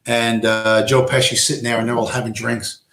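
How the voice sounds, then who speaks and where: A man's voice: mid-range voice, flat delivery, moderate pace, fairly bright tone, roomy sound. A man hosting a casual live stream, rambling through stories, swearing and acting out quoted lines. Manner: rambling storyteller, acts out quoted tough-guy lines, swears.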